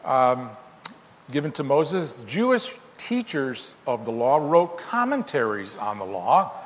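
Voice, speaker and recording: A man preaching a sermon, explaining scripture with emphatic, animated reading. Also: medium pitch, slow pace. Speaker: pastor. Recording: long hall reverb.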